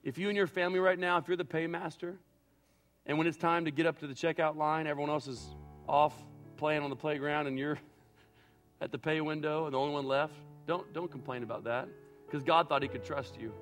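A man preaching a sermon as pastor, swinging between loud acted-out quotes and quiet, reflective passages. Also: a little high, fairly even intonation, brisk, soft background music.

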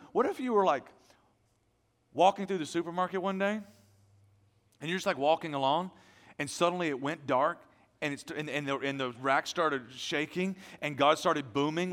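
A pastor preaching a sermon, animated, moving between loud emphasis and hushed asides. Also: male voice, fairly high pitch, normal speed, long reverb tail.

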